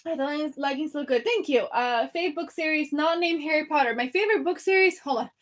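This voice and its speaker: Young woman, high voice, breathless, chatty book livestreamer at home. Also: fast talker. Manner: breathless, chatty, many fillers and restarts. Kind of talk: casual livestream chat. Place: home room by her bookshelves.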